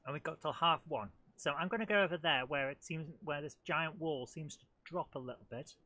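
A man's voice: fairly high pitch, fairly quick, bright, forceful tone. Chatty man playing a game. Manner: chatty, self-deprecating, talks to the game. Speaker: host of a retro gaming channel. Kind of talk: live let's-play commentary.

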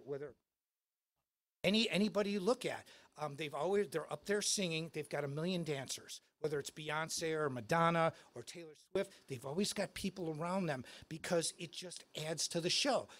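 A man giving a live guitar clinic in a music store, telling stories in an animated, excitable way. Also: on the high side.

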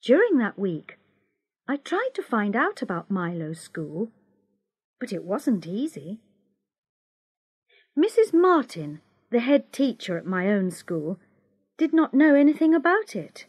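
A woman narrating a graded-reader story for English learners in a slow, clear, expressive way. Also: a little high. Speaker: audiobook narrator.

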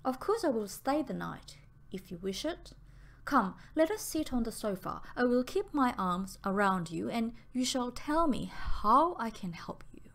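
A woman reading the part of a caring young woman who speaks gently and reassuringly. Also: fairly high pitch, sing-song, unhurried, heavily acted. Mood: soothing.

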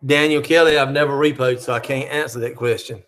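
A man's voice: medium pitch, fairly even intonation, brisk, fairly bright tone. A man hosting a live chat, reading out viewer comments and teasing them in a joking, easygoing way.

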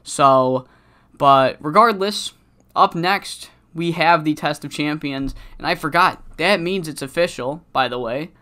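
A man's voice: on the high side, unhurried, pushed and bright. A man commentating on his game in a rambling, profane casual style, his voice cracking from being sick. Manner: rambling, profane, many fillers. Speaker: let's-play commentator.

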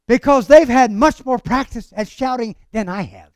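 A man's voice: extremely high pitch, moderate pace, no room sound. A man preaching a fervent sermon at a church service, reading scripture and calling out to his congregation. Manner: fervent, calls out to the congregation for amens. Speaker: pastor.

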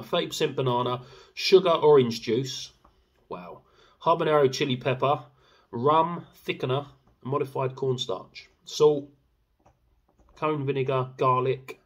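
Young bloke reviewing sauce, chatty, swears a lot, bit husky. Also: male voice, medium pitch. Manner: chatty, swears casually, rambling with many fillers. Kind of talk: casual product review vlog. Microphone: camera mic.

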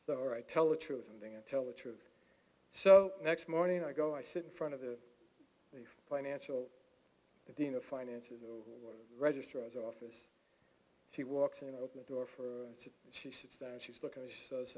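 A man in his sixties giving a talk to an audience, telling a lively personal story and acting out the dialogue. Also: medium pitch, fairly quick. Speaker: guest speaker.

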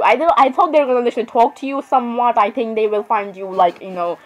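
She's a gameplay commentator speaking fast with few pauses, her voice on the high side, while faint music plays behind her. The commentary is casual and rambling, full of apologies and giggles at her own asides, captured in a rough recording.

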